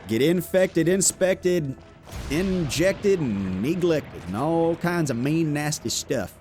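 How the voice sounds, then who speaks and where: Animated, foul-mouthed male game streamer. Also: on the high side, takes it slowly, soft background music. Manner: loose, profane banter with chat, sudden loud outbursts. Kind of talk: casual live-stream chat while playing a game.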